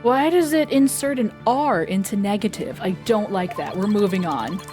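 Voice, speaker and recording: A woman's voice: mid-range voice, animated, moderate pace, darkish tone, faint music behind. A woman streamer giving casual game commentary with wry, self-mocking asides.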